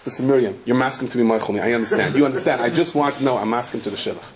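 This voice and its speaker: A rabbi telling a lively story in a sermon, acting out the characters' lines. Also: male voice, mid-range voice, quick pace, hardly any pauses.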